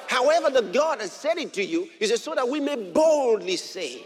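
A man's voice: very high-pitched, big pitch swings, normal speed, hardly any pauses. Man preaching a sermon, emphatic, swings his voice up and down, big echoey church. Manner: emphatic preaching, rising to shouts. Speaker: pastor. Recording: long hall reverb.

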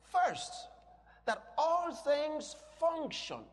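A man preaching a sermon to a congregation, speaking emphatically and breaking into shouted declarations. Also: very high-pitched, very animated, drawn-out words. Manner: asks the congregation questions. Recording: long reverb in a large hall.

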